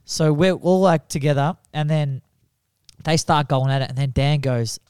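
A comedian telling a story in casual chat, acting out the people in it and laughing often. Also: male voice, fairly high pitch, moderate pace, a little mellow, smooth, dry recording, studio quality.

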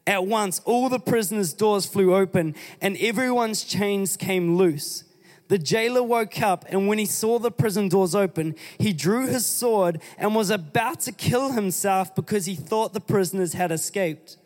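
High-voiced New preacher in a reverberant hall. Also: male voice. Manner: emphatic preaching, reads scripture aloud, rising exhortations. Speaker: pastor. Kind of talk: sermon.

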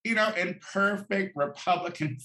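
Here the same kind of campy, foul-mouthed rant comes from a male vlogger speaking at normal speed in a high, pushed, bright voice. Exaggerated outbursts fill the clip, recorded in a room with noticeable echo.

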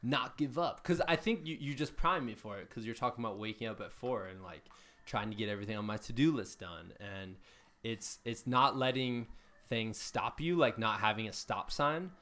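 A man's voice: mid-range voice, moderate pace, sharp tone. A man hosting a podcast, telling rambling, self-mocking stories in a casual chat.

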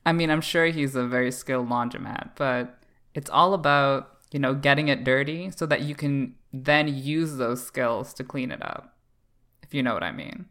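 A man's voice: medium pitch, normal speed, fairly bright tone. A man from Canada in a casual comedic podcast chat, talking in a playful, campy, teasing way. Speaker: podcast co-host.

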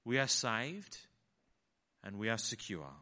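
A man preaching a sermon in an animated way, acting out the lines he quotes. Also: lowish voice, slow. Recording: long hall reverb.

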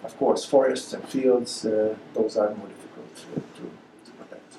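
A man answering audience questions at a lecture, halting with many fillers and restarts. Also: fairly low pitch, gravelly, background noise. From Hungary. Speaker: guest speaker. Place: lecture hall. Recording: echoey lecture room.

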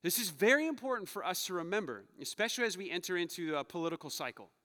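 A male pastor with a bright, forceful, slightly high voice delivers a conversational sermon. He drifts from joking asides to hushed, earnest stretches, and his words ring out with the long reverb of a church hall. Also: very animated, fast. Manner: conversational preaching, shifts between playful asides and hushed earnest passages. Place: church sanctuary.

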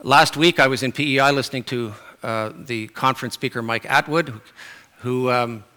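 Bright-voiced man preaching a sermon. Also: mid-range voice, moderate pace, clear, resonant tone. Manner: conversational with fillers and restarts.

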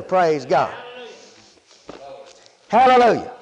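A man's voice: very high-pitched, normal speed, in a large hall, rough recording. A male preacher delivering a folksy, emphatic sermon, often asking the congregation questions.

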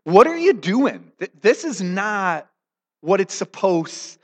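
A man's voice: high voice, sing-song, slow, in a large hall, heavily acted. A man acting out an indignant disciple who protests and argues with his teacher in a sermon. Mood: protesting. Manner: protesting, incredulous.

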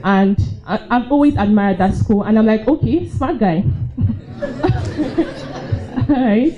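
Lively young Nigerian woman telling a story. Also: fairly high pitch, moderate pace. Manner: lively, laughing, acts out her own reactions. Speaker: storyteller at a live event. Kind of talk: personal storytelling. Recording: dull lo-fi live recording.

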